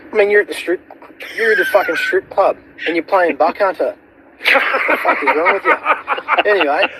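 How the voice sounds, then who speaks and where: Animated, foul-mouthed Australian man. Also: fairly high pitch, background noise. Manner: crude, swearing, laughing at his own jokes. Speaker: contributor sending in a recorded review. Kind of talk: profane comedic film rant and anecdote.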